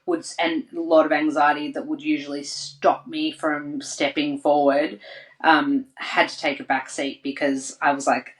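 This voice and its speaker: An Australian woman on a podcast as a guest, telling lively stories full of "like" and acted-out quotes. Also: deep voice, moderate pace, rough recording. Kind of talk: casual interview storytelling.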